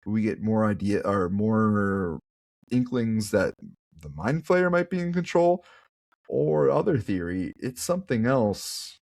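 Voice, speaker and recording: A man's voice: on the low side, slow, creaky, no room sound, studio quality. A man co-hosting a podcast, musing through theories in a hedging, casual way. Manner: lively, musing, hedging speculation. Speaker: podcast co-host. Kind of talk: casual chat.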